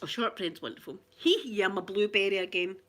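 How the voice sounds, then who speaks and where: A woman's voice: medium pitch, brisk, fairly bright tone. A Glaswegian woman hosting a casual live chat, chatty and rambling, laughing often. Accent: Glaswegian Scottish. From Glasgow, Scotland.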